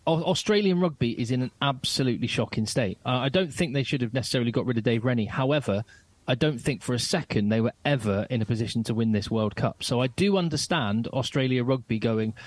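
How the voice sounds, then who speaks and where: Male podcast host, casual chat, animated delivery, dry close mic. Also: mid-range voice, quick pace, no room sound. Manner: animated, talks over his co-host, many restarts. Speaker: podcast co-host, radio presenter.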